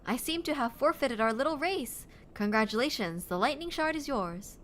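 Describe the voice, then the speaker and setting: A woman reading a formal young noble companion's dialogue from a fantasy game aloud, with courtly, measured phrasing. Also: high-pitched, animated, a bit bright, slight background noise. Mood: gracious. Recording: game music behind the voice.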